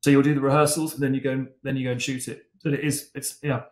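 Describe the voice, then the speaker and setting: A man's voice: mid-range voice, flat delivery, fast. A man, a guest stunt and racing driver, telling stories in a chatty podcast conversation full of restarts and fillers. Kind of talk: casual anecdotal podcast talk. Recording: echoey room.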